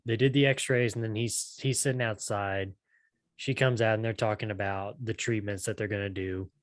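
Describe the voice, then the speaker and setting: A man's voice: lowish voice, no room sound, studio quality. A man co-hosting a podcast in casual chat, rambling and restarting with lots of "you know". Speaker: podcast co-host.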